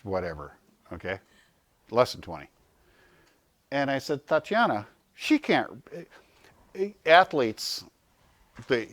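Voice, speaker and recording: Animated lower-voiced man giving a health talk. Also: no room sound. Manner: animated storyteller, acts out quotes in a raised voice; asks and answers his own questions. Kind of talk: informal health talk to a small audience.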